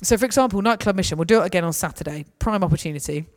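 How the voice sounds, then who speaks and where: Woman, conversational talk, animated storytelling, echoing hall. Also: fairly low pitch, racing. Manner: conversational, lively and anecdotal. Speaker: speaker. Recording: reverberant hall.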